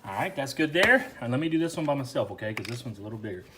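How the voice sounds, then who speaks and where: A man's voice: mid-range voice, big pitch swings, racing, noisy background. A man hosting a casual cooking video, chatting through each step for the viewer. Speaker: cooking show host. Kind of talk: casual how-to cooking narration.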